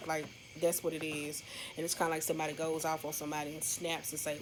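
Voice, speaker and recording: A woman tarot reader talks to her viewers in a loose, rambling flow and swears casually. Her voice sits a little low for a woman. A steady noise hisses under the recording. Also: quick pace. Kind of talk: casual monthly love reading.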